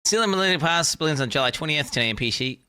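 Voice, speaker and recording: A man's voice: a little high, expressive, very fast, bright, forceful tone, clean tone. A young man streaming live, reacting to a game announcement, thinking aloud, repeating himself and swearing casually.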